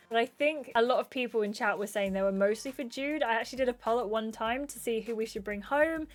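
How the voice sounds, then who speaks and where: A chatty woman recaps a video game for her channel in an easy, casual way. Her voice sits fairly high, and she exclaims and asks questions as she goes. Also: a little fast, few pauses. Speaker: gaming YouTuber.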